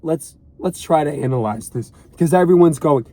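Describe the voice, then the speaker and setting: A man's voice: on the high side, lively intonation, normal speed, few pauses, warm tone. A young man ranting to camera from inside a car, exasperated and repeating his points with heavy emphasis. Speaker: vlogger and sports fan.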